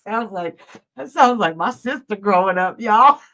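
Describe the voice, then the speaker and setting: A woman's voice: mid-range voice, animated, a little slow, a bit bright. A woman hosting a live tarot reading stream, chatty, often laughing and reading viewers' questions aloud. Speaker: psychic livestream host.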